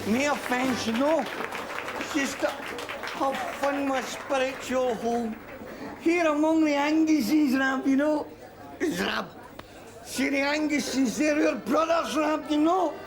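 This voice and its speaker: Slow, high, gushing drunk, loud music and crowd behind. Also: male voice, exaggerated voice. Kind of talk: sitcom acting. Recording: sitcom audio over loud music and crowd.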